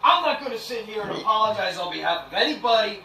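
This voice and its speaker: A man's voice: high-pitched, expressive, quick pace, vocal fry, sharp tone. A man hosting a fan show, delivering a sarcastic, brash comedic rant. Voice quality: mocking and brash. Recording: roomy distant noisy video recording.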